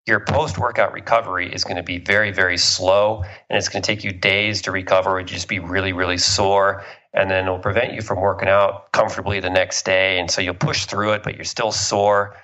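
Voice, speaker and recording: A man's voice: low voice, little pitch movement, normal speed, bright, forceful tone, lo-fi sound. A man, a book author guest, eagerly explaining health topics with analogies and personal stories. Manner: enthusiastic, explains with analogies and tells anecdotes. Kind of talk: conversational explaining.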